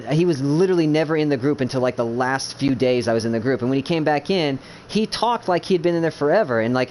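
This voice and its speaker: A man's voice: fairly high pitch, darkish tone, slight background noise. A man chatting casually about his gaming team, rambling with many fillers, restarts and swearing. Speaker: gamer streamer.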